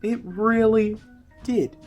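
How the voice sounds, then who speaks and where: A woman's voice: a little high, fairly even intonation, takes it slowly, a little mellow, lo-fi sound, soft background music. A young woman co-hosting a casual home vlog, teasing and laughing often, recorded on a camera mic at home. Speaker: vlog co-host.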